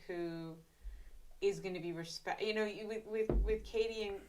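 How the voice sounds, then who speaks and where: A woman co-hosting a casual sports talk show, agreeable and halting, with many fillers. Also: mid-range voice, steady tone, background noise. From New York. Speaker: podcast co-host.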